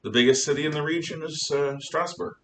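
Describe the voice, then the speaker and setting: A man giving a history lecture to a class, emphatic and animated, firing off rhetorical questions. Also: fairly quick. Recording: roomy, distant mic with faint rumble.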